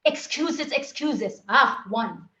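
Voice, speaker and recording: A woman's voice: high-pitched, lively intonation, slow pace, bright, forceful tone, roomy sound, lo-fi sound. A woman from the Philippines giving a playful, theatrical tall-tale speech over a video call. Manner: playful, theatrical, acts out phone calls. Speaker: contest speaker.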